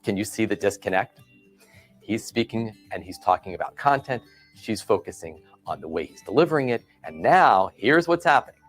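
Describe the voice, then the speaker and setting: A man's voice: lowish voice, moderate pace, soft background music. A man giving a training video lecture, telling stories and asking the listener questions. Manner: expressive storyteller, asks the listener questions.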